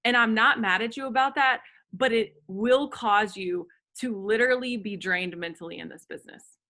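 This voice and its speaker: A woman's voice: a little high, moderate pace, bright, forceful tone. A woman coaching her sales team on a video call, earnest and talking at length. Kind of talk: motivational group video call talk.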